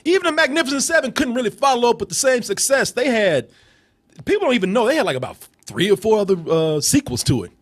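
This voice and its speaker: A man hosts a movie review podcast with a high, bouncing voice that leaps up and down as he jokes. He talks in a loose, comic chat style, full of energy. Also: fast. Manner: animated, joking, laughs often, swings pitch widely.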